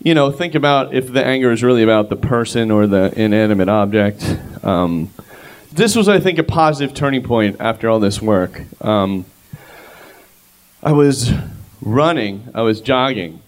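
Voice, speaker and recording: A man's voice: fairly low pitch, lively intonation, normal speed. A middle-aged man telling a self-mocking personal story on stage before a live audience. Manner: rambling, self-mocking, conversational.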